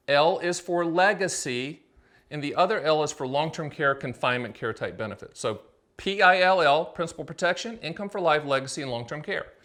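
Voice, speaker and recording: A middle-aged man hosting his own show as an agent, explaining to camera in a punchy, salesy patter full of rhetorical questions and quick asides. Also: fairly high pitch, fairly bright tone. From United States. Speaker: annuity agent and show host. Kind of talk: energetic solo explainer to camera.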